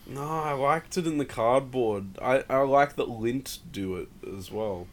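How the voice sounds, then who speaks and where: A man's voice: mid-range voice, measured pace. A man in a casual chat as co-host, teasing and dry. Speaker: podcast co-host.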